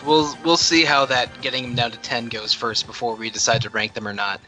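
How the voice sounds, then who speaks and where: A man co-hosting a casual podcast discussion, quick and upbeat, rattling off lists. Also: mid-range voice, fairly even intonation, bright, forceful tone, faint music behind. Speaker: podcast co-host.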